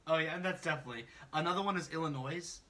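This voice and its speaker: A man with a faint Southern Kentucky accent chats loosely on a podcast, swearing casually and slipping into impressions of other people. His voice is bright and pitched a little high for a man. He sits a bit back from the microphone. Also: very fast, far from the mic. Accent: slight Southern Kentucky. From Midwest US, near Kentucky border. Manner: animated storyteller, mimics voices, swears casually. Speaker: podcast host. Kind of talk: casual chat.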